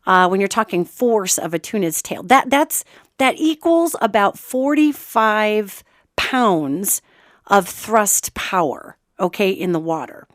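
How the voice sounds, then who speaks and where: A woman's voice: mid-range voice, expressive, takes it slowly, no room sound, studio quality. A middle-aged woman hosting a solo spiritual commentary podcast, talking to listeners in an impassioned, conversational way. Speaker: host.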